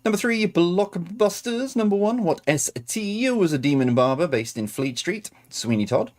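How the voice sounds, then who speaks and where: A man's voice: sits high, animated, normal speed. Chatty man reading quiz answers. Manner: chatty, self-correcting asides. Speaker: quiz host.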